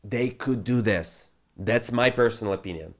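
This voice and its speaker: Delivering ranting market commentary on his crypto trading channel, this man swears a lot, speaks animatedly and uses non-native phrasing. His voice is on the low side at a normal speed.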